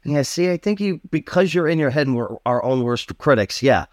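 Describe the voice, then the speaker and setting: A man's voice: on the high side, expressive, fairly quick, no echo, clean studio sound. Reassuring male podcast co-host. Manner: supportive, reflective. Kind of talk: casual chat.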